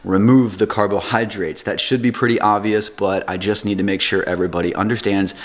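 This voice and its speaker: A man in his thirties, a fitness coach, talking casually to camera with relaxed fillers. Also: on the low side, fairly quick. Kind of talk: casual vlog chat.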